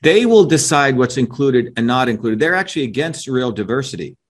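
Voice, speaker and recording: A man's voice: medium pitch, big pitch swings, fairly quick. A man speaking as an interview guest, emphatic and combative, pushing his points and often tagging them with a questioning "right?". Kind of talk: opinionated interview talk.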